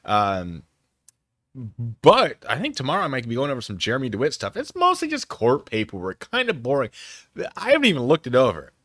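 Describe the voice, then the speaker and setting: A man's voice: mid-range voice, huge pitch swings, fairly quick, fairly bright tone, no echo, clean studio sound. A man hosting a live stream, chatting in a rambling, self-deprecating way at a desk microphone. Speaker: streamer host. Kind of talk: casual live-stream chat.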